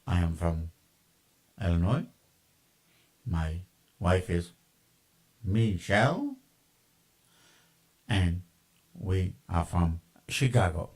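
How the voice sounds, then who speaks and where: A man putting on a mocking impression of a formal male politician, speaking in slow, stilted phrases. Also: sits low, expressive, darkish tone, husky, voice pushed down, exaggerated voice.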